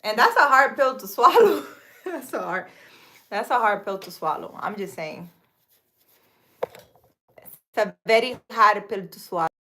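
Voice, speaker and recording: Bright-voiced woman giving earnest live advice. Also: mid-range voice, lively intonation, unhurried, pauses often. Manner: earnest and emphatic, addressing viewers directly. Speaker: live-stream host and spiritual advisor. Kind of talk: casual spiritual advice talk on a live stream. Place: outdoors in a park.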